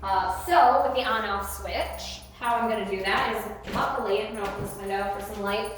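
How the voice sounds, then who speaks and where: A woman training a dog, talking through the lesson in a chatty, coaxing way, her voice getting a little hoarse. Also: fairly high pitch, a little hiss or hum. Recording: very echoey room.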